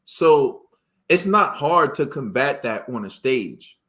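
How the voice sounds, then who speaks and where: A man's voice: medium pitch, very animated, slow pace, a bit bright. A man hosting a casual boxing podcast, arguing his point with rhetorical questions. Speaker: podcast host.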